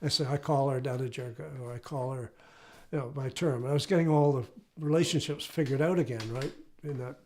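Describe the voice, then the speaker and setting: A man's voice: medium pitch, fairly even intonation, brisk, few pauses, dark tone. An older man, a retired professor, telling a personal story in a casual, anecdotal way during an interview. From Canada. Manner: casual, anecdotal, often asks "right?".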